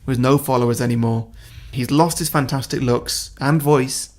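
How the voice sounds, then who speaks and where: A man in a casual podcast chat, telling his pitches in a laid-back way with frequent laughs. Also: fairly even intonation, normal speed, a little mellow. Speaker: podcast co-host.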